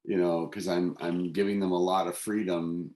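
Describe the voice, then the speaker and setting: A man with a very low voice, speaking as the interviewer in a casual, thoughtful way. He halts and restarts often as he works through his ideas. His voice carries a roomy echo. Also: flat delivery, warm tone. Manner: halting, many restarts, thoughtful. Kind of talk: casual conversation.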